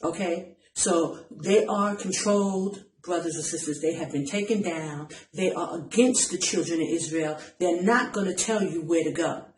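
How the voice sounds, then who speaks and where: A woman's voice: on the low side, normal speed, hardly any pauses, echoey room, rough recording. A woman preaching an impassioned online message, urgent and pleading, repeating her phrases for emphasis. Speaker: self-styled preacher.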